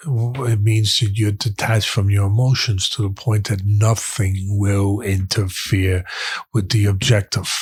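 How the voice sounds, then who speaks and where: A man's voice: lowish voice, a little mellow, breathy edge. A middle-aged man, a boxing trainer telling stories in an interview and repeating phrases for weight. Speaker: guest, boxing trainer and commentator. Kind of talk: storytelling in conversation.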